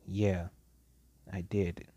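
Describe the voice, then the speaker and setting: An earnest, eager teenage boy in hero school who talks a little hesitantly and lifts his voice when he is keen, as a man puts him on while telling a story. The tone stays mellow. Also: low-pitched, little pitch movement, very slow.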